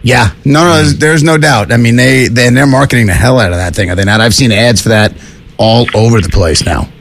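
A man's voice: medium pitch, brisk, gravelly, fairly bright tone. A man co-hosting a comedy podcast, brash and sarcastic, cracking crude jokes. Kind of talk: casual comedy podcast banter.

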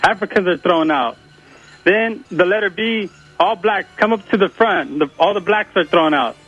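A man calling in to a radio show and telling a joke haltingly, with fillers. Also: sits high, a bit bright. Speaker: caller. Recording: muffled phone line with faint music.

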